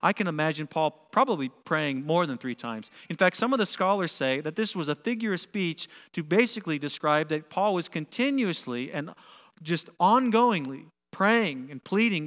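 A man preaching a sermon, animated and building to emphatic peaks. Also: on the high side, moderate pace. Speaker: pastor. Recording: long reverb of a large hall.

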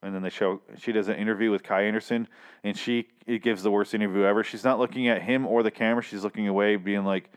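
A man's voice: lowish voice, fairly even intonation, quick pace, clear, resonant tone. A young man casually recapping a TV episode, swearing freely and acting out the characters' lines. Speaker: TV recap vlogger.

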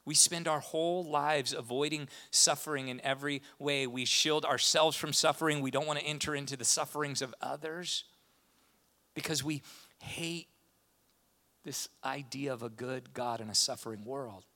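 A pastor preaches a sermon with impassioned delivery, rising into animated retellings. His voice is medium-pitched and moves at a moderate pace.

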